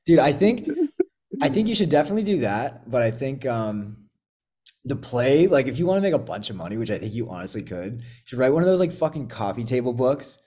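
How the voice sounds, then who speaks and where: A man's voice: mid-range voice, big pitch swings, a little fast, mellow, breathy edge. A man from Canada hosting a podcast in casual chat, rambling and swearing freely with lots of filler words. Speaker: podcast host.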